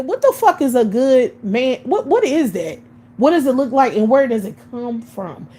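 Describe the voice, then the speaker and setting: A woman's voice: medium pitch, warm tone, slight background noise. A woman hosting a livestream, ranting to her chat in a combative, profane way, firing off rhetorical questions and restarting words when heated.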